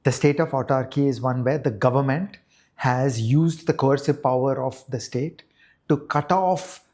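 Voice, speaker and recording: A man's voice: mid-range voice, unhurried, darkish tone. A man from India, an economist guest on a podcast, making his case emphatically with rhetorical questions and examples. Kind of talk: conversational podcast discussion.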